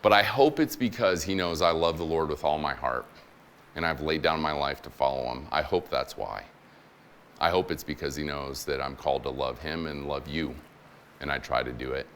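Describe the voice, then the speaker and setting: A man in his forties with an extremely deep voice speaks as a guest chaplain. He preaches in an easy, conversational way, adds humor, and voices the people in his stories. A faint noise floor sits under the recording. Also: moderate pace, fairly bright tone. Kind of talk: sermon. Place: church room with congregation.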